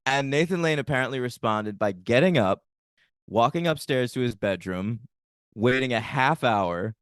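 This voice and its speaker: A man co-hosting a podcast in casual chat, relaxed and fond of telling anecdotes. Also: mid-range voice, moderate pace, clear, resonant tone, dry recording, clean studio sound. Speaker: podcast co-host.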